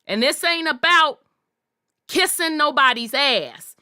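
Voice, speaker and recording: A woman hosting a podcast, delivering a forceful, profanity-laced monologue in a preachy way. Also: sits high, expressive, takes it slowly, dry recording, studio quality. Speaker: podcast host.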